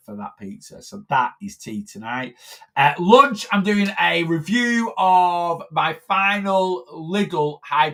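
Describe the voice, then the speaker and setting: A man's voice: on the high side, gravelly, sharp tone. A man, a weight loss coach, chatting casually on a phone live stream, rambling with lots of fillers and restarts.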